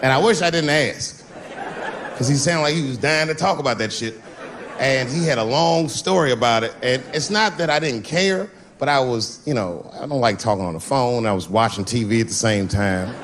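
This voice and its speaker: A man doing a stand-up comedy routine, telling loose, profane stories with sudden swings in pitch. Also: moderate pace, crowd noise, background noise. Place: stage before a live audience.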